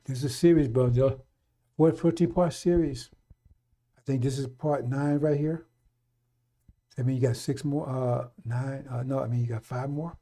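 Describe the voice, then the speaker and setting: On a live radio stream, a man preaches urgently and repetitively, blunt and profane, calling out to brothers and sisters and swinging between loud exhortation and low muttering. His tone stays steady at a normal speed, with long pauses.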